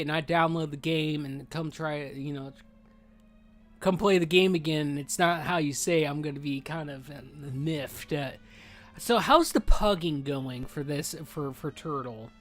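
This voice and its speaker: Gamer guy rambling on stream, kinda high voice, says dude a lot, mouth full of food, little game music behind. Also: normal speed, fairly bright tone. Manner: talking with mouth full while eating. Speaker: gaming streamer. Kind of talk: casual gameplay chat.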